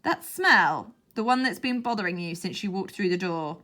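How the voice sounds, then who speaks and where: A woman's voice: medium pitch, lively intonation, normal speed, pushed and bright. A woman voicing a cold, scheming woman politician who talks in an icy, sarcastic, menacing way.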